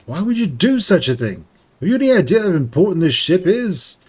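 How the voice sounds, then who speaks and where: A man's voice: sits high, big pitch swings, brisk, darkish tone, breathy edge, voice pushed up, full character voice. A man voicing an indignant young male shipwright in a fantasy game, speaking in a shocked, raised, pleading way.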